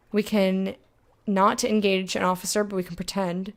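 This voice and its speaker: A young adult woman streaming a game, chatting excitedly with viewers, swearing, and slowly reading game text aloud. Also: mid-range voice. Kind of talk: blind let's-play commentary, chatting with viewers.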